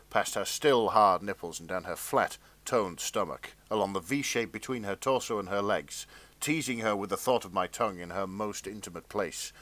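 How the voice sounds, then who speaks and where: A man narrating a comic fanfic reading in a deadpan, dry way. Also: low-pitched.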